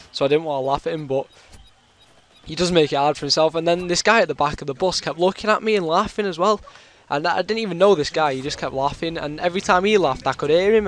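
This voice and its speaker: A man's voice: a little high, a bit bright. A British man with a sore throat, telling a long rambling story in casual chat over his gameplay. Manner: rambling, chatty, full of fillers. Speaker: gaming commentator.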